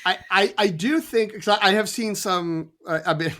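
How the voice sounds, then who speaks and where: A man's voice: high-pitched, normal speed, pushed and bright. A man on a film podcast who speaks hesitantly in a casual discussion, stammering and leaning on fillers.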